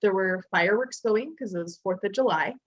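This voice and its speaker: A woman's voice: mid-range voice, fairly quick, dull audio. Chatty young woman podcast co-host. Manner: chatty, lots of "like" and "um" fillers. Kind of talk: casual chat.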